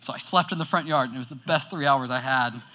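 A young man preaching a casual sermon to a youth group as youth pastor, telling stories in an animated way with lots of "like". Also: mid-range voice, fast talker. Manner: animated storytelling, heavy use of "like".

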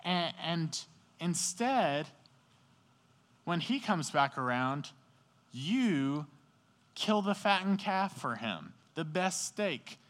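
A man's voice: fairly high pitch, very animated, drawn-out words, pauses often, a bit bright, full character voice. A man voicing a resentful young older brother who complains in whiny, slangy speech. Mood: indignant. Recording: echoey hall.

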